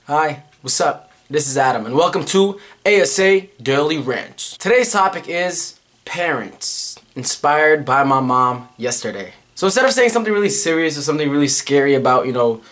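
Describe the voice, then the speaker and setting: A young man in his twenties telling comic stories in an animated vlog rant. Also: a little high. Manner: animated, fast-talking, acts out quotes. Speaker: vlogger.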